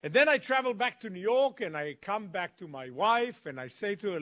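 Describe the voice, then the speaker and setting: A man telling a story to a college audience as a guest speaker. His voice sits a bit high and leaps up and down as he builds suspense with pauses. He tells it with dramatic swings. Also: animated, pushed and bright. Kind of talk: animated storytelling lecture. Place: college event.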